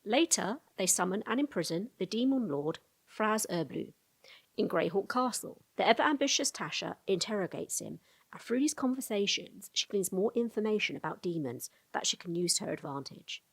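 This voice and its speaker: A woman narrating a fantasy lore explainer video in a brisk storytelling tone, with casual asides to the viewer. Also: medium pitch, expressive, vocal fry, slightly rough.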